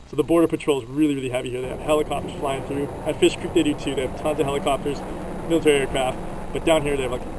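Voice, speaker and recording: Recorded at a desert campsite with background noise, this young man from Canada rambles through travel stories in a casual vlog packed with fillers. His voice is medium in pitch.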